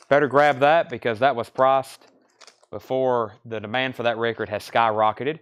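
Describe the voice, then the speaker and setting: A man with a Southern accent hosting a live-streamed record sale, briskly reading out titles and prices with joking asides. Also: medium pitch, smooth. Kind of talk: live-stream auction calling.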